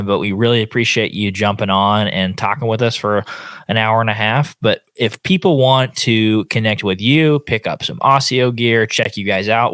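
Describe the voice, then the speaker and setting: A man's voice: lowish voice, a bit bright, no echo, clean studio sound. A man hosting a podcast, thanking his guest and signing off in an upbeat, casual way. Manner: friendly sign-off, upbeat. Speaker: podcast host. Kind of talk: casual interview chat.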